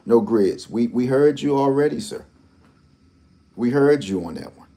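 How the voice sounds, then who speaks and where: A man's voice: mid-range voice, expressive, a little slow, warm tone. A man hosting a lottery channel, talking in a rambling, repetitive, teasing way with speech. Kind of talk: casual commentary.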